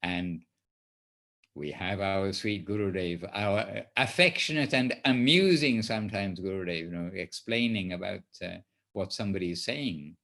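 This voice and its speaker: Soft-spoken low-voiced male teacher. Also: normal speed, gravelly. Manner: soft-spoken, reassuring, hesitant with fillers. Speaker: spiritual teacher leading a class. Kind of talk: gentle explanatory teaching.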